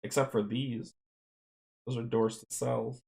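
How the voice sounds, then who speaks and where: A man talks his way through a solo board game, reading out the game text and chuckling to himself. His voice sits at an average pitch. The room around him gives it a noticeable echo. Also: flat delivery, a little slow, gravelly, darkish tone. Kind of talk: playthrough narration, reading game text aloud. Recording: roomy echo.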